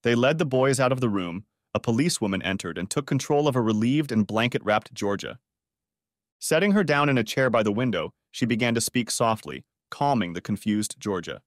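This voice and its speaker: A man narrating a first-person revenge story audiobook in an expressive, dramatic manner on a close mic. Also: mid-range voice, a little fast, no echo.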